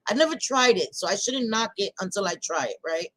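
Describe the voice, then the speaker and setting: A woman's voice: medium pitch, animated, a little fast, a bit bright, no room sound, poor audio. Blunt, chatty woman on a live chat. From New York. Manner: chatty, blunt, laughs often, swears casually. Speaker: livestream host chatting with viewers. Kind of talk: casual live chat reading comments.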